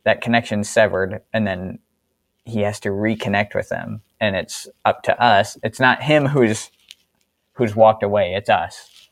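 A man's voice: on the low side, unhurried, no room sound. A man co-hosting a casual Bible-study discussion in an easygoing way. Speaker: co-host of a faith discussion.

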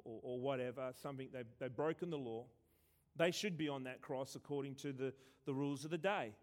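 A man preaching a sermon who stresses words and swings between loud and hushed, often repeating himself. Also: medium pitch.

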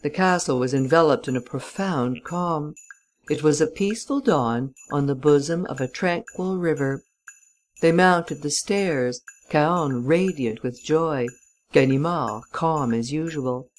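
Woman audiobook narrator, low voice, slow and measured delivery. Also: darkish tone, poor audio. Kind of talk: scripted narration of a classic novel.

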